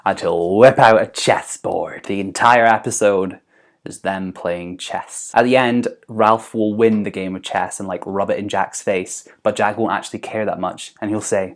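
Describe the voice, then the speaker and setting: Playful rambling young man, lowish voice. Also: fairly even intonation, normal speed. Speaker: vlogger. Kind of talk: comedic monologue. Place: bedroom.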